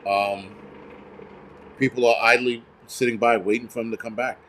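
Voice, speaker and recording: A man's voice: medium pitch, steady tone, moderate pace, a bit bright, a little hiss or hum. A man hosting a live stream, ranting bluntly and profanely with many fillers while answering viewers in the chat. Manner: reads out viewer donations and chat. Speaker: livestream host.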